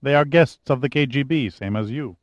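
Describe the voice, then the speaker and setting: A man's voice: mid-range voice, fairly quick, no room sound, dull audio, lightly acted. A man playing a cold Soviet agent. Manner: cold, disinterested.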